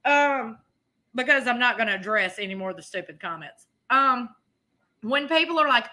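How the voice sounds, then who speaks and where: A woman's voice: a little high, moderate pace, bright, forceful tone. Blunt, sassy woman streamer in her thirties. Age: 30s. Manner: blunt, sassy, laughs often. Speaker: livestream host. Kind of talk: casual live commentary.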